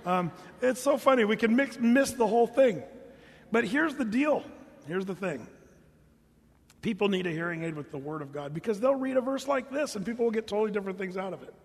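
A man preaching a sermon as pastor, animated and jokey, putting on mock voices to make his points. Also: sits high, a little fast, creaky, slightly rough, big-room sound.

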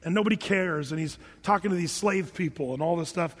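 High-voiced male pastor preaching. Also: fairly quick, breathy edge, in a large hall. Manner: animated, emphatic, repeats words while thinking. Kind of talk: sermon.

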